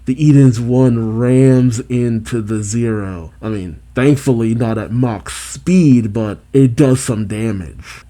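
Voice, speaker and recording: A man with a very dark, mellow voice and mid-range pitch reads a manga chapter aloud. He gives the characters' lines in a plain reading voice and cuts in with his own asides. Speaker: manga reaction host.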